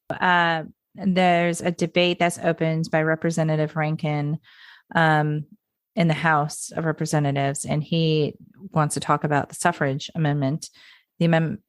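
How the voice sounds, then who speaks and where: Chatty woman podcaster with a lowish voice. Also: dry recording, clean studio sound. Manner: chatty, laughs often, many fillers and restarts. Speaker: podcast co-host. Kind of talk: casual history podcast chat.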